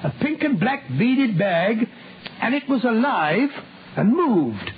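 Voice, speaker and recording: An actor playing a bumbling, loyal Doctor Watson in a 1940s radio drama, with a hesitant, stammering delivery. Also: male voice, very high-pitched, big pitch swings, slow pace, a little hiss or hum, heavily acted. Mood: earnest. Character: bumbling loyal Dr. Watson, middle-aged Englishman. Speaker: narrator in character. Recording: tinny old radio broadcast.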